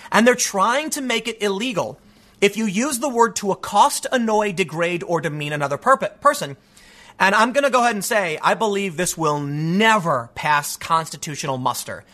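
A man's voice: high voice, moderate pace. A man hosting an online show, giving emphatic, opinionated solo commentary. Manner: emphatic, animated, acts out quoted voices.

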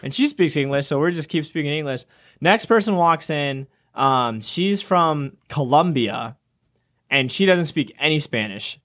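A young man co-hosting a casual talk show, telling a travel story with lively acted-out quotes. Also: measured pace. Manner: animated storyteller, acts out quotes with jumps in pitch. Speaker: podcast co-host.

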